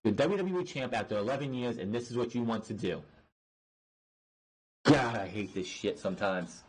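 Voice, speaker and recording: A man's voice: medium pitch, animated, normal speed, darkish tone, husky, low-quality recording. Exasperated, swearing man ranting. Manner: exasperated, profane, rambling with restarts. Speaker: podcast host reviewing wrestling. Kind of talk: ranting review.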